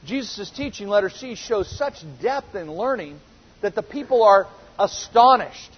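A man with a high, slightly husky voice leads a verse-by-verse Bible lesson. He talks earnestly, asks rhetorical questions and often restarts his sentences. The recording is dull and lo-fi, with a long hall reverb. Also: expressive, measured pace. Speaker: Bible teacher.

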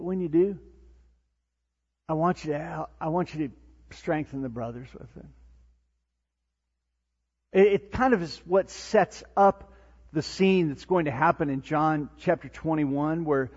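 A husky-voiced man preaching from a pulpit, his voice pitched a little high and pushing hard on the big moments before falling quiet. The sound is dull and lo-fi, with a long reverb trailing through a large church hall. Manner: animated preaching, rising to near-shouts then dropping low and soft. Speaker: pastor. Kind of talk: sermon.

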